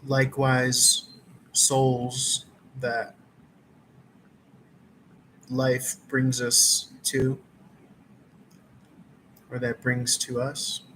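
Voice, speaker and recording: A man's voice: mid-range voice, monotone, extremely slow, long pauses, a bit bright, a little hiss or hum, rough recording. A man who reads tarot, chatting casually outdoors around a campfire, laid-back and meandering, full of fillers. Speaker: tarot reader. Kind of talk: casual rambling chat.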